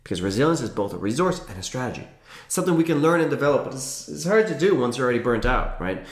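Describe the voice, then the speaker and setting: Male health educator, emphatic and playful, animated delivery, roomy sound. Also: mid-range voice, quick pace. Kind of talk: energetic educational talk to camera. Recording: roomy echo.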